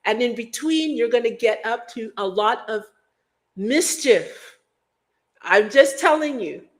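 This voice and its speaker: Middle-aged woman from Guyana, livestream host, loose playful rambling, slightly high voice. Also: lively intonation, slow. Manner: rambling, playful, breaks into sung beats and mock accents. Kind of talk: casual chat.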